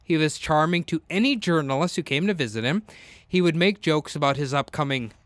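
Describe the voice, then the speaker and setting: A man hosting a podcast, telling a true-crime story in a relaxed, chatty way with frequent laughter. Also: fairly high pitch, brisk, no room sound. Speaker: podcast host.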